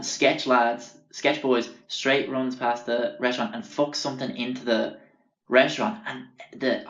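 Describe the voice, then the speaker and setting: Casual, swear-laden storytelling comes from a podcast host whose voice is mid-range and a bit bright. He drifts from anecdote to anecdote acting out the people he quotes, recorded in a roomy, dull lo-fi setting.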